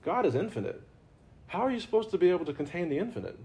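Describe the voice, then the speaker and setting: A man's voice: high voice, sing-song, very fast, darkish tone. A man giving an informal spiritual talk to an audience, conversational and playful, often laughing and repeating himself. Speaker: religious teacher.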